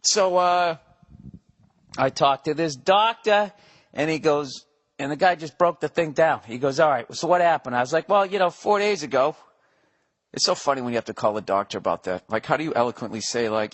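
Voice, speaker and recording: A man in his forties hosting a podcast, telling a profane comedic story solo, acting out voices in animated asides. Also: fairly high pitch, fairly quick. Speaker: podcast host.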